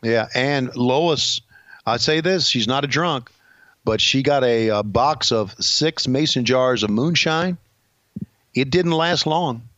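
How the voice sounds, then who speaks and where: A man's voice: mid-range voice, slow pace, a bit bright, no room sound, muffled recording. A man co-hosting a podcast, telling dry, laid-back anecdotes in casual chat. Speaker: podcast co-host.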